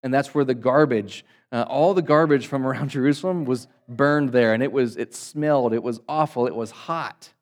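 A male pastor preaching a sermon to his congregation, swinging between loud emphatic bursts and quiet, low asides. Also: normal speed, hardly any pauses. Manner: dynamic preaching, rising loud for emphasis and dropping soft; addresses congregation as guys.

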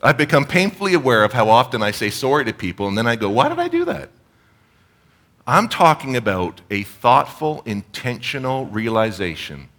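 A man's voice: mid-range voice, animated, a little fast, hardly any pauses, a bit bright. A middle-aged man from Canada giving a sermon in an earnest, conversational way, with storytelling asides. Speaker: pastor.

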